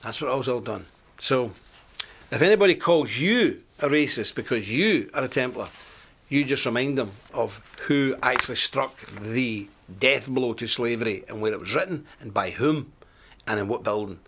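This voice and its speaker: A man's voice: medium pitch, animated, moderate pace, fairly bright tone. An older Scottish man hosting a live online show, talking in a chatty, joking way and reading out viewer comments. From Scotland. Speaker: host of a live web show. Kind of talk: live-stream monologue.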